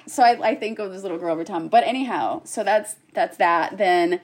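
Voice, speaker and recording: A woman in casual chat, telling a personal story with lively acted-out quotes. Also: medium pitch, brisk. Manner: animated storyteller, acts out quotes. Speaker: guest sharing her story.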